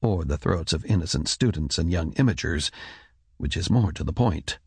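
A man voicing the measured, diplomatic head of a scholarly order. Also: deep voice, husky, no room sound, clean studio sound, pitched below the performer's own voice, heavily acted. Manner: calm, careful, diplomatic.

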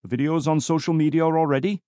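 A steady, unflappable agent speaks with a North Wales accent, as a male audiobook narrator voices him. He keeps his tone even and calm, his voice dry and close. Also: fairly high pitch, fast talker, no echo, pitched above the performer's own voice, lightly acted. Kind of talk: audiobook character voice.

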